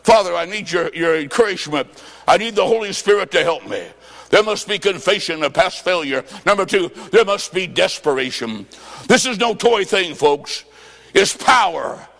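A male preacher delivering a revival sermon, swinging from loud shouts to low, quiet lines. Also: lively intonation, normal speed, in a large hall. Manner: preaching with sudden shouts and drops to low tones. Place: church sanctuary.

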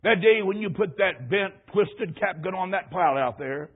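A man's voice: high-pitched, lively intonation, normal speed, slightly rough. A middle-aged male preacher delivering a sermon, telling a folksy story and repeating key phrases for emphasis. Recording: tinny lo-fi radio broadcast.

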